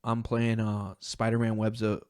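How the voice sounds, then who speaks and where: A young man telling an emotional personal story as a guest, earnest and halting, acting out the voices of the people in it. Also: lowish voice, completely flat delivery, a little mellow, no echo, studio quality. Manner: earnest, acts out quoted voices, halting restarts.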